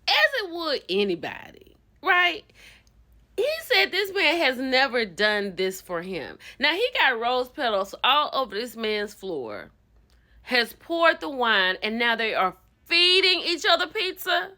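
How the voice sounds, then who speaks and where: A woman recapping a reality show in a gossipy, expressive way, acting out the people she quotes. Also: on the high side, measured pace. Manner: gossipy and expressive, acts out quotes, bursts into laughter. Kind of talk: animated casual recap.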